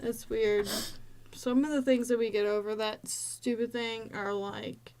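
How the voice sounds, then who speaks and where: This woman in her thirties co-hosts a relaxed chat, her voice sitting somewhat high. She talks in an animated, salty way and acts out quotes loudly. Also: a little slow. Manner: animated, swearing, loud acted-out quotes. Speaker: podcast co-host. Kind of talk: casual chat.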